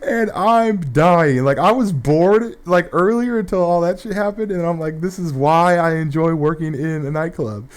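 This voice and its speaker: A man's voice: a little high, moderate pace, few pauses. A young man telling a rambling, profane story in casual gameplay commentary, full of fillers and restarts.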